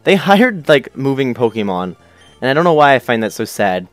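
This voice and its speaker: A man's voice: medium pitch, lively intonation, a little fast, dry recording, soft background music. A young man hosting a casual let's play, chatting loosely, swearing and reading game text aloud in silly voices. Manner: goofy, swears, shouts character names.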